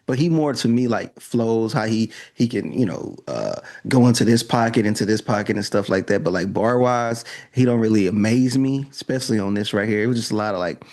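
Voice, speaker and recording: A man's voice: lowish voice, a little fast, hardly any pauses, a little mellow. Rambling man in a casual podcast chat. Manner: loose and rambling, full of "like" and "I don't know". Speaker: podcast co-host.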